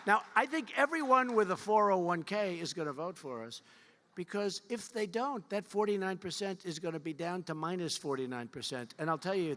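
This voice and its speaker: A man's voice: fairly high pitch, animated, moderate pace, fairly bright tone. A man giving a rally speech at a fundraiser, repetitive, boastful and rambling. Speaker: political speaker at a fundraiser. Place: large event hall. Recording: long hall reverb.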